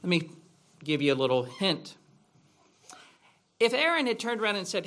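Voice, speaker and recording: A man's voice: high voice, very animated, normal speed, pauses often, a bit bright. A man preaching a sermon in a church, asking rhetorical questions in a conversational way. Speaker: pastor.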